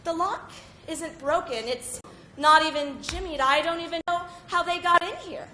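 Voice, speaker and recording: A woman's voice: extremely high pitch, moderate pace, pushed and bright, slight background noise. A woman voicing a grumpy, sarcastic middle-aged husband in a staged comedy scene, needling his wife with dry questions. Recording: roomy echo.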